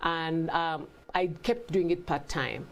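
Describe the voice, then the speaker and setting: A woman's voice: low-pitched, takes it slowly. Middle-aged African-British accented woman, storytelling. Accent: African mixed with British. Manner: lively storytelling, acts out quoted voices. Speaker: guest. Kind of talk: conversational interview.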